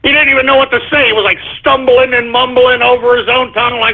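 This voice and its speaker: A man hosting an internet radio show, telling a rambling, profane story and running listener shout-outs. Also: very high voice, flat delivery, fast talker. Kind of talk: rambling anecdote and show segments. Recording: husky phone-like lo-fi audio.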